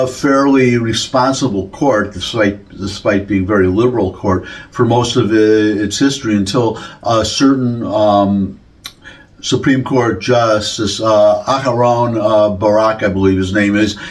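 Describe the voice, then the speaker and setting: A man from the United States giving a rambling solo commentary, full of restarts and self-corrections. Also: lowish voice. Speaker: political commentator.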